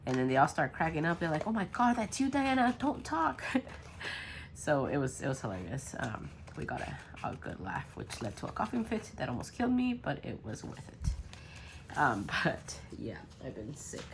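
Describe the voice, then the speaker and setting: Her pitch is extremely low but swings widely, and she keeps a moderate pace against background noise. The woman mutters while crafting a journal, chatting in a rambling, um-filled way, her voice congested and worn down by sickness.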